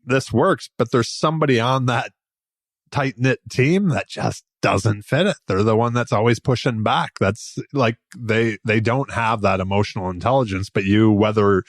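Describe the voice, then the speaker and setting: A man's voice: mid-range voice, moderate pace, no echo, studio quality. A man hosting a podcast, asking loose, rambling questions full of fillers. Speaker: podcast host. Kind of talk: conversational interview.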